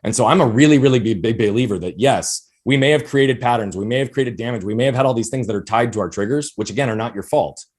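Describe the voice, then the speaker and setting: A man's voice: mid-range voice, darkish tone. A man speaking as a guest coach in a podcast interview, earnest and explaining in a coaching tone. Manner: earnest, fast-talking, coaching tone.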